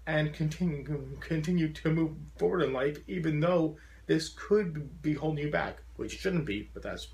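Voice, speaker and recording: A man with a fairly high voice speaks to a support group with a profound stutter, repeating sounds and getting stuck on words. He keeps pressing on in an earnest, encouraging way. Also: normal speed, a little mellow. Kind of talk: motivational talk to a support group.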